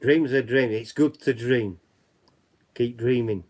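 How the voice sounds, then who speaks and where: A man's voice: mid-range voice, fairly even intonation, slow pace, darkish tone. A man with a Yorkshire accent chatting casually as a livestream host, rambling and repeating himself. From West Yorkshire, England.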